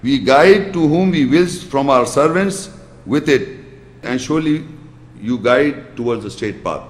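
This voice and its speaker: A man giving a religious lecture, asking his listeners pointed questions and quickly reciting Arabic verses before explaining them. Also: medium pitch. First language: Urdu. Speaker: Islamic lecturer. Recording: echoey hall.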